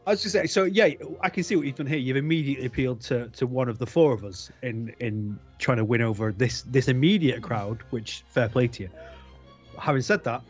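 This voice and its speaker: A man's voice: mid-range voice, breathy edge, faint music behind. Teasing man on a dull call line. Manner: teasing, drawn-out questioning. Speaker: podcast co-host. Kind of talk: casual banter among friends.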